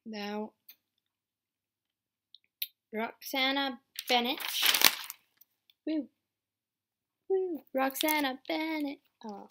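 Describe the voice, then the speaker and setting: A woman's voice: medium pitch, takes it slowly, long pauses, fairly bright tone. A young woman introducing her voice auditions in a chatty, upbeat and apologetic way. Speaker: voice actor auditioning. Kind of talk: casual audition vlog.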